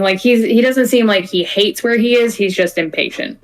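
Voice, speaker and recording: A woman's voice: mid-range voice, moderate pace, rough recording. A woman narrating a tabletop game as game master, chatty and rambling, with many fillers and giggles.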